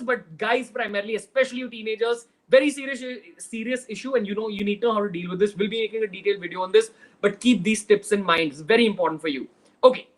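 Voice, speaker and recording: Young Mumbai-accented male host, fairly high voice, casual and direct Q&A delivery. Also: a bit bright, poor audio. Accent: Mumbai Indian English. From Mumbai, India. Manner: chatty, direct, switches into Hindi phrases. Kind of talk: casual livestream Q&A.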